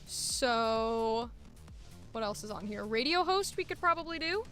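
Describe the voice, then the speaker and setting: A woman's voice: fairly high pitch, animated, measured pace, sharp tone, soft background music. A woman voice actor chatting casually while preparing auditions, thinking aloud and interrupting herself. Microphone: headphones monitoring at a home recording setup.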